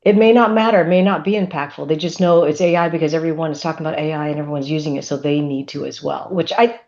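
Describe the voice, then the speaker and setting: A woman presenting on a webinar panel, chatty and expressive, telling stories. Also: deep voice, fast talker, dull audio.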